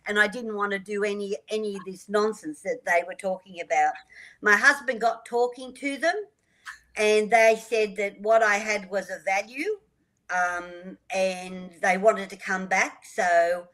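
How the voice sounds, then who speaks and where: Older woman, radio guest, lively storyteller, acts out dialogue, mid-pitched voice. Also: moderate pace, low-quality recording. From Australia. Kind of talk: storytelling interview.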